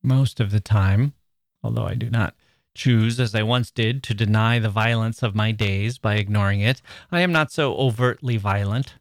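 A man reading a novel aloud in the first person, measured and expressive. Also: on the low side, no echo, clean studio sound. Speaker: reader.

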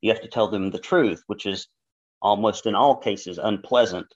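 Blunt Southern man, slightly low voice. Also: moderate pace, slightly rough. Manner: blunt, opinionated. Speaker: podcast guest, business educator. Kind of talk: podcast interview. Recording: dull lo-fi sound.

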